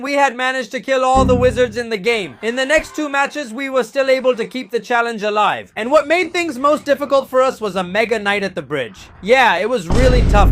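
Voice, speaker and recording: A man hosting a gaming channel, narrating matches with excited commentary and cheering and cursing at the plays. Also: very high voice.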